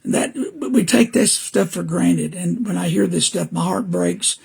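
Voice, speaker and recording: An older man with a Southern US accent talks like a preacher on a casual podcast, rambling earnestly and stopping to greet listeners by name. His voice is weak and damaged, heavily gravelly and raspy. It sits fairly high for a man. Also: fairly even intonation, measured pace, a little mellow. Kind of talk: casual podcast talk to live viewers.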